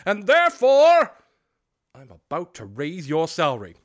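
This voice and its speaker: A man's voice: on the high side, sing-song, moderate pace, bright, forceful tone, pitched above the performer's own voice. A man playing a giddy old miser, gleefully generous. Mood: jovial. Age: older. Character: elderly miser turned giddy, joyful and generous. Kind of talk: storybook reading.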